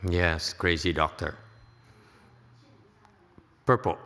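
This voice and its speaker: A man's voice: low-pitched, fairly even intonation, very slow, bright, forceful tone, long reverb tail. A man teaching at a temple, giving a Buddhist lecture to an audience, joking and checking they follow. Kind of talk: dharma lecture.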